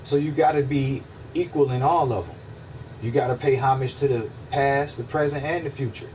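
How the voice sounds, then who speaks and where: A man hosting a casual livestream, musing out loud in a rambling, profane way, repeating himself and answering his chat. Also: medium pitch, normal speed, recorded from a distance, slight background noise, poor audio. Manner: rambling, profane, repeats himself, asks listeners if they follow. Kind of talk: casual philosophical monologue.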